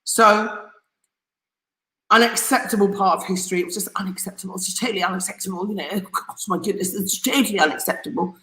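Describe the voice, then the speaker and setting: A woman's voice: medium pitch, quick pace, sharp tone, echoey room, poor audio. A woman from England, hosting an opinion commentary, reading news aloud in a passionate, sarcastic and emphatic way, hammering key words again and again. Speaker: host.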